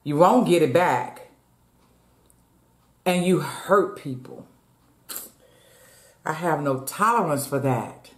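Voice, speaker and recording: Speaking slowly with frequent pauses, this woman has a low-pitched but animated voice. She's a mukbang vlogger at home, eating between words and chatting with viewers she calls "y'all," and the room she's in echoes.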